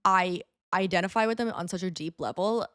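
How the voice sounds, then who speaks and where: A woman's voice: fairly low pitch, brisk, no echo. Woman cohosting a comedy podcast, dry close mic, chatty, laughs a lot and swears. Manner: animated, laughs often, swears casually. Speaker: podcast co-host. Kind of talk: casual comedic chat.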